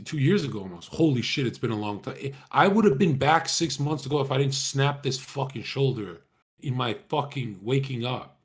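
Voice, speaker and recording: A young man talking casually to his viewers, rambling in slang, swearing often and calling everyone bro. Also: mid-range voice. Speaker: streamer talking to chat.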